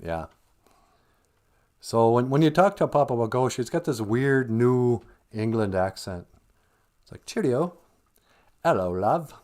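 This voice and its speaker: A Minnesota livestream host teaches Ojibwe words, chuckling while he reads viewer comments out loud in casual chat. His Upper Midwest–accented voice is mid-range, expressive, and slightly mellow, unhurried with frequent pauses.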